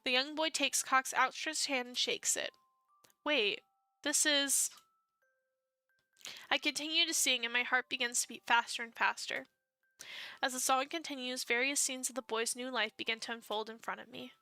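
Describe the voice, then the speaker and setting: Bright-voiced young woman streamer. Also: sits high, fairly quick, clear, resonant tone, no room sound, faint music behind. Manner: expressive story reading with excited asides. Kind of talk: reading a visual novel aloud on stream.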